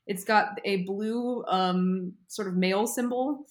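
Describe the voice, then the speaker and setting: Sarcastic young woman recapping a cartoon. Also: medium pitch. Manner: animated, sarcastic, quick to laugh. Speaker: podcast co-host. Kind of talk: casual episode recap chat.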